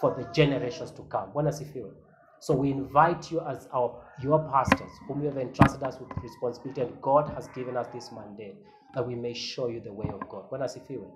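A man's voice: medium pitch, a little fast, heavy background noise. A man preaching a sermon as pastor, earnest and emphatic, with a repeated refrain to the congregation.

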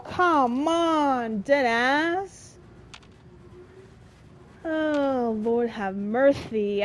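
An exasperated woman talks her way through a video game, cursing and using slang. She speaks slowly in a slightly high voice. A faint background noise runs under her. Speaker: gaming streamer. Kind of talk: casual gameplay commentary.

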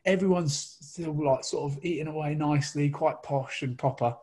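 A man's voice: fairly high pitch, moderate pace, a little mellow, slightly rough. A man telling a long comic anecdote, rambling and laughing as he goes. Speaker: guest storyteller.

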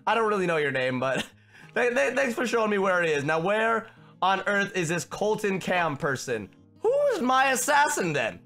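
A young man reacting loudly as he plays a video game, his voice pitched very high and sharp. There is a gravelly edge under his frequent shouts, and faint game music plays behind him. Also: big pitch swings, a little slow. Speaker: gaming video host. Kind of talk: excitable gameplay commentary.

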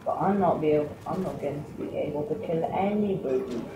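A man's voice: on the high side, brisk. A man giving gameplay commentary, complaining melodramatically and cursing in bursts. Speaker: gaming video maker. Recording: roomy, distant mic with noise.

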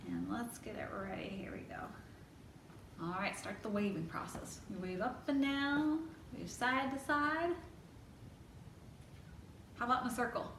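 High bright librarian woman, slow and coaxing. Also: creaky, far from the mic, a little hiss or hum. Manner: coaxing, asks children questions. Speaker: children's librarian. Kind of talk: toddler storytime. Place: library room. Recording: echoey room, mic set back.

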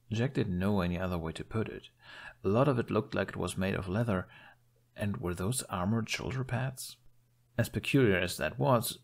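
Deep gravelly man reading a story. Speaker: fan fiction reader. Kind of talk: storybook narration.

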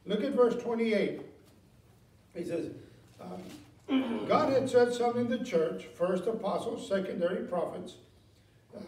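A man's voice: sits high, a little mellow. A man pastor preaching a Bible study sermon, reading verses aloud, asking the congregation questions and chuckling between points. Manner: conversational preaching, reads scripture aloud, asks the congregation questions; chuckles often, many fillers and self-corrections. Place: church sanctuary. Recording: echoey room, voice from a distance.

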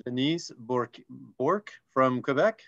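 A man co-hosting a casual online call, reading names in a relaxed, friendly, joking way. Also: mid-range voice, slow pace, lo-fi sound. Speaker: co-host.

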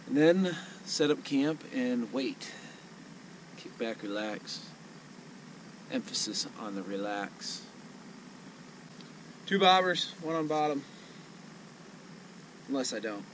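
A man's voice: medium pitch, animated, slow pace, pauses often. A man filming himself while kayak fishing, chatting casually in a laid-back, rambling, self-deprecating way. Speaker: fishing vlogger. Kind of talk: casual self-filmed talk to camera. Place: outdoors on a river, kayak and sandbar. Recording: outdoor recording with noticeable river noise. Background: water and outdoor ambience.

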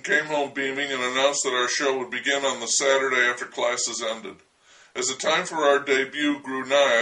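Male storyteller, wry and dryly humorous, bright tone, set back from the mic. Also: medium pitch, distant mic, poor audio. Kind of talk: storytelling memoir narration.

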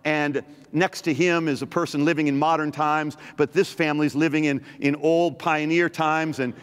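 High-voiced pastor preaching in a hall. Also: male voice, little pitch movement, moderate pace, clear, resonant tone. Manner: emphatic, repeats phrases, teases the congregation. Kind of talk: sermon. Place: large church hall.

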